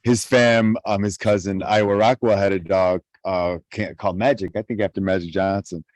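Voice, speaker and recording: A man's voice: sits low, steady tone, normal speed, darkish tone, no room sound. A man hosting a podcast in casual chat, hesitant, with lots of fillers. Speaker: podcast host.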